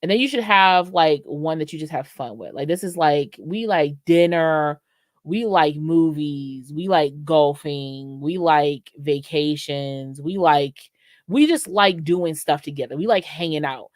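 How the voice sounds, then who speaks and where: A woman's voice: low voice, unhurried, dry recording, studio quality. A woman co-hosting a podcast in casual, frank, slangy chat, often acting out quoted voices. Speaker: podcast co-host.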